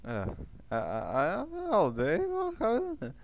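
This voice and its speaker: A man making quick, quiet, hesitant asides to himself while he improvises. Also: sits high, huge pitch swings, vocal fry.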